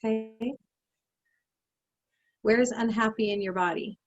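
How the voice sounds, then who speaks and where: A fairly high-voiced woman leads a coaching session over a video call. She gets animated and emotional and laughs easily. The call audio is dry and a little dull. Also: a little slow, no echo. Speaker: life coach.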